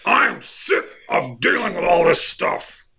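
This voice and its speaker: Man playing a raspy, bombastic conspiracy broadcaster, gravelly, high-pitched rant, a bit of Texas twang. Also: big pitch swings, slow, sharp tone, exaggerated voice. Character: ranting male conspiracy radio host impression.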